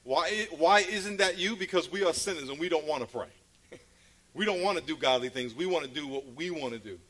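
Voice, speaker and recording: A man preaching a sermon, telling playful stories, laughing at his own jokes and swinging from loud calls to a hush. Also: a little high, brisk.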